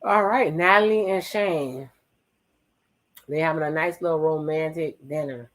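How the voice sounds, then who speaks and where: A playful watch-along host chatting over a reality dating show, retelling what each person says and tossing in teasing side remarks. The delivery is loose and conversational, jumping between flat recaps and sudden louder jokes. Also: mid-range voice, low-quality recording. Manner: playful, teasing, recaps dialogue in quick asides. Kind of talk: casual reality-show commentary.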